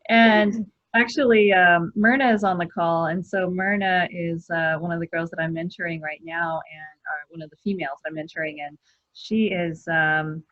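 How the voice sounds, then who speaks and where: A woman with a fairly low voice gives earnest mentoring advice as a hospital executive on a panel. The sound is dry and dull, like compressed video-call audio, with no room around her. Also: fairly bright tone, no echo.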